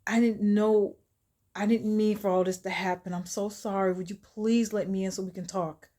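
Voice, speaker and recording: A woman's voice: mid-range voice, fairly even intonation, warm tone, lightly acted. A woman doing a remorseful older father-in-law. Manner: apologetic, halting.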